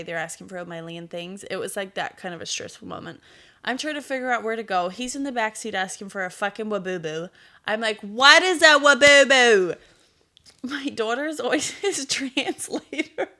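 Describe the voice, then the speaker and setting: A woman's voice: mid-range voice, creaky. A woman in her thirties hosting a casual solo podcast, chatty and blunt, swearing freely and laughing at herself. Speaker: podcast host.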